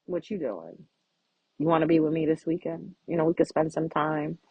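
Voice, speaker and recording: A woman putting on the voice of a pushy, smooth-talking flirt who lays it on strong, dropping her voice well below her own. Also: deep voice, fairly even intonation, moderate pace, dry recording, lo-fi sound, voice pushed down, heavily acted. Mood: coaxing.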